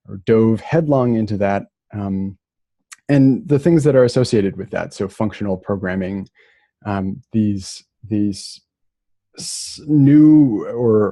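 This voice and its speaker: A man from Minnesota giving a relaxed, casual lecture remotely, with plenty of fillers and restarts. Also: on the low side, no echo.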